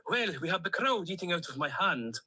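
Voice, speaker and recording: A man's voice: high voice, sing-song, brisk, bright, forceful tone, slightly rough, exaggerated voice, rough recording. A man voicing Dougal, a chatty Stornoway duck. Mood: jolly rambling. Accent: Scottish, Stornoway. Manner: rambling, jolly storytelling. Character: chatty plastic male emotional support duck. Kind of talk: comic voice-note monologue.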